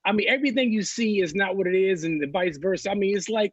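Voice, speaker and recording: A man's voice: sits high, quick pace, hardly any pauses, no room sound, muffled recording. A man in his thirties doing a loose, profane stand-up set over a video call from home, laughing through his stories. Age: 30s. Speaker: stand-up comedian. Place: home, on a couch.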